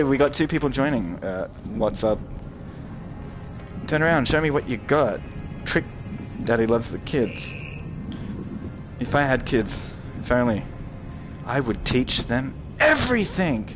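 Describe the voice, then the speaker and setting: A young man giving live gameplay commentary to his chat, rambling, swearing freely and jumping into loud outbursts. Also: mid-range voice, sing-song, a little slow, music in the background. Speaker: streamer.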